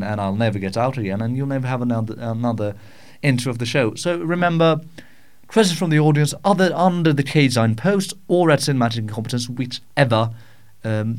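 A man hosting a podcast in a casual solo Q&A, rambling and self-mocking with frequent stammers and swearing, in a small home studio. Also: mid-range voice. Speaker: podcast host.

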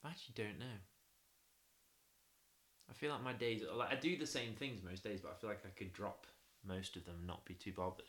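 A young man chatting casually on a podcast, laughing often and getting loud and animated when telling a story. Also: on the low side, brisk. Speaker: podcast co-host. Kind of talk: casual chat.

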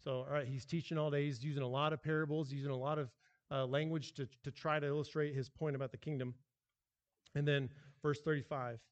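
A man preaching a sermon as pastor, animated and emphatic, with frequent restarts. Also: on the high side, a little fast, in a large hall, muffled recording.

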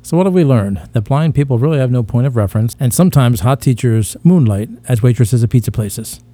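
Male podcast co-host, dark mellow tone, boastful and rambling, crude self-mocking humor. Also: medium pitch, expressive, brisk, dry recording. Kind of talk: casual crude comedic banter.

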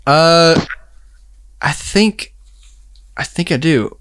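Smooth-voiced young man rambling casually. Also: on the high side, very slow, a bit bright. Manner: rambling, filler-heavy, laughs while telling a story. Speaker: storyteller in a casual chat. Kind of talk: casual chat.

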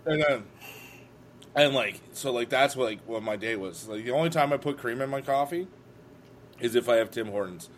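A man's voice: medium pitch, normal speed, slight background noise. A man in his thirties chatting casually on a podcast, swearing freely and laughing easily. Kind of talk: casual chat.

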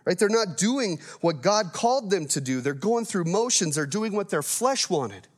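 A man's voice: sits high, very animated, normal speed, slightly rough. A man in his thirties preaching a sermon in a conversational, playful way, telling the story with animation. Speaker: pastor.

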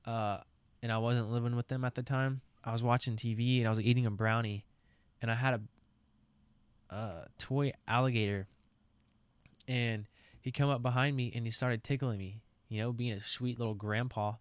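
A man's voice: medium pitch, steady tone, moderate pace, smooth, dry recording. A young man, talking alone on his own podcast in a casual, rambling, joking way. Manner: rambling, joking, says dude a lot. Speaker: podcast host. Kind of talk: solo casual podcast chat. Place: camper.

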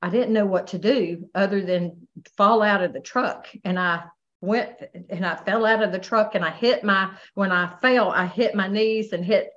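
A woman telling a painful personal testimony in a halting way, full of restarts and pauses. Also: mid-range voice, a bit bright, muffled recording. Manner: halting, many restarts and "you know". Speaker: guest sharing her testimony.

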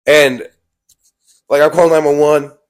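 A man's voice: fairly high pitch, steady tone, measured pace. A young man telling a personal story in a casual vlog. He rambles and keeps repeating "I was like.". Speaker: vlog co-host.

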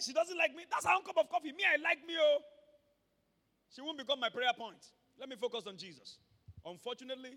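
A man with a Nigerian accent preaching a sermon to his church, emphatic and rising from quiet talk to shouts. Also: very high voice. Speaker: pastor. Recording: long hall reverb.

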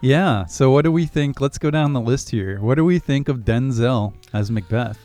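Smooth-voiced man chatting about movies. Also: mid-range voice, lively intonation, mellow, no echo, soft background music. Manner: chatty, quick to laugh, self-correcting. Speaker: podcast co-host. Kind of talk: casual movie-review chat.

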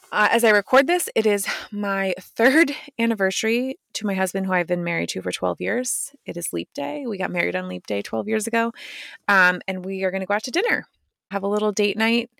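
Woman, podcast host; candid, casual cusser, fry in the voice, close and dry. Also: mid-range voice, no room sound. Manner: blunt, swears casually; motivational, direct address to listeners. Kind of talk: casual self-help monologue.

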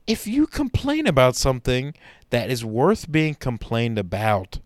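A man's voice: a little high, clean tone, no room sound, studio quality. A man doing a stand-up comedy monologue in a sarcastic, mock-serious way.

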